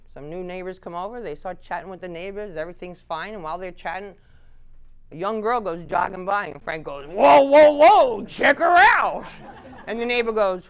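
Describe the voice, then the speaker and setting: A woman's voice: mid-range voice, clean tone. A middle-aged woman giving a caregiver talk to an audience, telling stories and acting out the people she quotes. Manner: animated, acts out quoted people with laughs. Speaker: caregiver support speaker.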